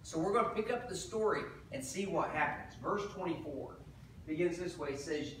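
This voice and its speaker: A male pastor delivers an animated sermon, slipping into casual asides as he retells the story. His voice sits high for a man. The recording is heavily echoey, picked up from a distance in a church sanctuary. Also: moderate pace, a little hiss or hum.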